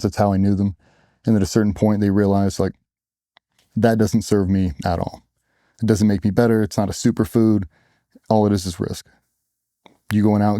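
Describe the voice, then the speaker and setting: A middle-aged former special operations operator bluntly tells war stories in a casual interview, sometimes swearing and acting out what others said. His voice is fairly low and warm, recorded in clean studio sound with no echo.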